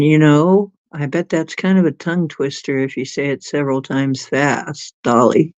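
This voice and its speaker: Slow giggly streamer chatting with chat, muffled dry mic. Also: medium pitch, no echo. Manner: giggly, chatty, laughs often. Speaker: livestream host reading chat. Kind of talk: casual chat with viewers.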